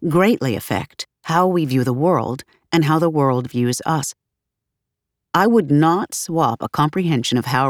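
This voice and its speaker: A woman reading her own audiobook aloud in a measured, deliberate narration. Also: deep voice, a little mellow, no echo, clean studio sound.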